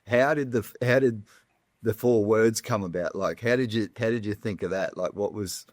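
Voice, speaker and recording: Deep-voiced podcast host, dry sound. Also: male voice, normal speed, no echo. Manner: hesitant, restarts his questions. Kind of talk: interview questions, casual.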